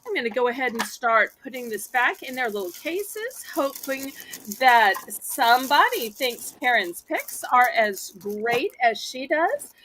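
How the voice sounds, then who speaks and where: A woman with a Southern American accent hosting a live home-shopping auction, with chatty, animated selling patter. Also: high voice, unhurried, a little hiss or hum.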